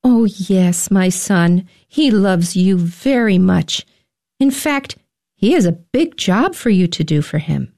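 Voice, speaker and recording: A woman voicing a patient, loving mother in a slow storybook reading. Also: medium pitch, expressive, darkish tone. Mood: tender.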